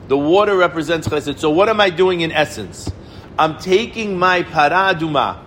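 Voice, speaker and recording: A middle-aged man giving an informal Torah lesson, animated, repeating words for emphasis and answering his own questions. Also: high voice, a little hiss or hum. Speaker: rabbi teaching the weekly Torah portion.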